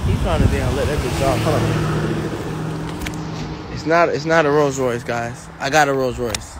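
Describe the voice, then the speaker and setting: A man talking in a casual vlog outdoors, excited and repetitive, filming himself on a phone. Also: mid-range voice, normal speed, very noisy. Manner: excited, repetitive street talk. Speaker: vlogger.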